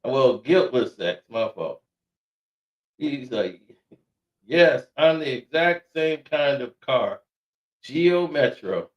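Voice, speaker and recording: A man giving casual commentary, reading messages aloud with frequent laughs and quick asides. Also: mid-range voice, animated. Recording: echoey room, dull lo-fi sound.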